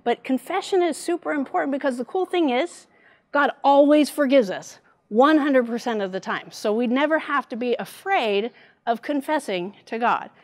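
A middle-aged woman giving a devotional church talk, telling a personal story in an animated way. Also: sits high, moderate pace. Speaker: church speaker.

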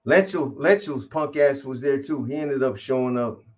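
Guy rambling through a story, lots of cussing and restarts, street talk, middle pitched voice. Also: normal speed, a little mellow. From California. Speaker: guest telling a story. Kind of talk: casual storytelling.

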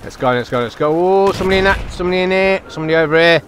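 A young man giving excitable, chatty commentary over his own game, talking to himself and his teammates. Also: high-pitched, very fast, slight background noise. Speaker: gaming channel host. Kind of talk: live gameplay commentary.

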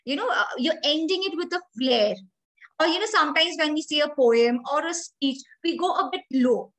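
A woman's voice: high voice, expressive, moderate pace, a bit bright, rough recording. A young adult woman with an Indian English accent, giving an emphatic, explanatory grooming training lecture and speaking straight to her listeners.

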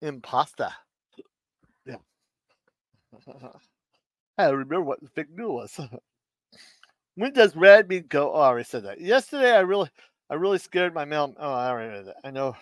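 A man's voice: fairly high pitch, big pitch swings, normal speed, long pauses, no room sound. A man hosting a casual live stream, reading dad jokes aloud and chuckling at his own punchlines, with loose rambling asides.

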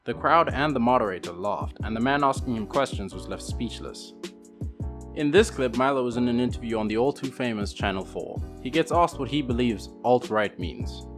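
A man giving scripted narration for a video compilation in a plain, even manner. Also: medium pitch, normal speed. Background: guitar music.

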